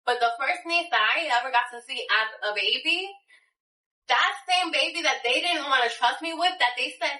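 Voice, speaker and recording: Young woman, vlog rant: heated, swearing, rambling, restarts a lot; bright voice, sits back from the mic. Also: sits high, moderate pace, distant mic. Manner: heated, profane, rambling with many restarts and fillers. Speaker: vlogger. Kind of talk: unscripted personal rant to camera. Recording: echoey room, voice a little off-mic.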